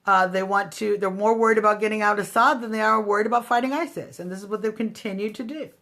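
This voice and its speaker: A woman's voice: medium pitch, fairly even intonation, quick pace, a bit bright. A woman hosting a casual political livestream, talking straight to her viewers in a snarky, combative way. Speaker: livestream host.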